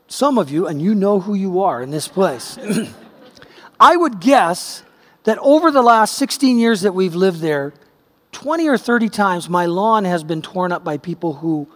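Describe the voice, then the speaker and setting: A man's voice: high-pitched, a bit bright, long reverb tail. A middle-aged man preaching a sermon, telling a personal story in a conversational way that builds to emphatic peaks. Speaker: pastor.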